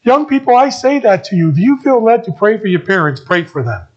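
A middle-aged man preaches to his congregation in an earnest, high-pitched voice. He repeats key phrases and moves between emphatic lines and soft ones. The recording is dull and lo-fi. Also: very animated, brisk. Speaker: pastor. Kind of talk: sermon.

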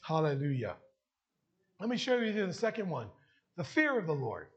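A man's voice: a little high, big pitch swings, normal speed, fairly bright tone, muffled recording. A man preaching a heartfelt sermon and sharing his testimony, emotional at times. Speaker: pastor.

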